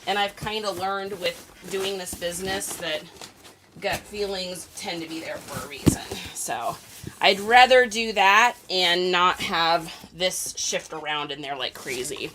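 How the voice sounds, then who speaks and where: A woman's fairly low voice comes at a measured pace amid background noise. As a reseller packing orders to ship on a live stream, she chats casually, speaking to viewers and reading their comments.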